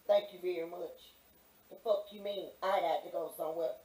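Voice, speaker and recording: A woman with a Mississippi Southern accent telling a loud, profane story as a pastor's partner on his show. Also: medium pitch, fast talker, recorded from a distance. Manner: brash, cussing, animated retelling. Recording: echoey room, off-mic.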